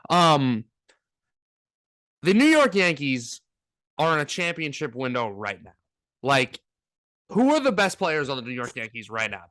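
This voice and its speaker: A man's voice: fairly high pitch, sing-song, measured pace, long pauses, fairly bright tone, dry recording. A man co-hosting a casual sports talk podcast, ranting with energy and mocking fans in put-on voices.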